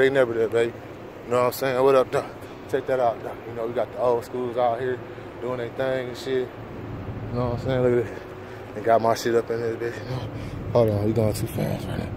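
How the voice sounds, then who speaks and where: A man's voice: mid-range voice, vocal fry, background noise. A man vlogging on a handheld phone as he walks through a car show outdoors, hyped and slangy, talking straight to his viewers. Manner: hyped slangy street talk, addressing viewers. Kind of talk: casual vlog walk-through.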